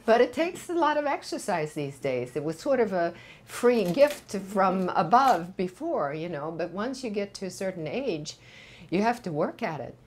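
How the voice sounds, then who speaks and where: In a sing-song, mid-range voice with slight background noise, an older Swedish actress speaks English with a Swedish accent as a guest in a candid studio interview. A native of Sweden, she talks in a reflective, unhurried manner, pausing often and using fillers.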